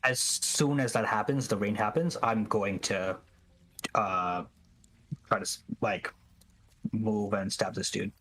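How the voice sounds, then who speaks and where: A man's voice: lowish voice, steady tone, slow pace, long pauses, fairly bright tone, a little hiss or hum. A man playing a tabletop game with friends, eager and casual, swearing freely. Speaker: player.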